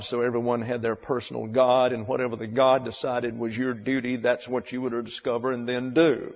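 A man teaching a Bible class, deliberately spelling out and pronouncing terms for his students. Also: mid-range voice, level tone. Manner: deliberate, spells out words slowly. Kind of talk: classroom lecture. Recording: dull lo-fi sound in a reverberant hall.

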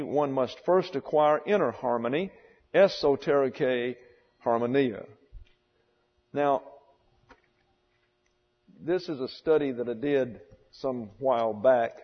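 A man teaching a Bible class, deliberately spelling out and pronouncing terms for his students. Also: mid-range voice. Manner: deliberate, spells out words slowly. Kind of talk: classroom lecture. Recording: dull lo-fi sound in a reverberant hall.

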